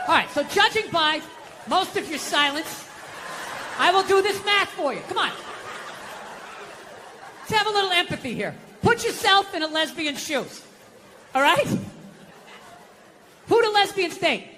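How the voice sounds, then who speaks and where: A man's voice: extremely high pitch, lively intonation, measured pace, pauses often, in a large hall, a crowd in the background, background noise. A man doing a stand-up routine, ranting bluntly and profanely with mock outrage, on stage before a live audience. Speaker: stand-up comedian.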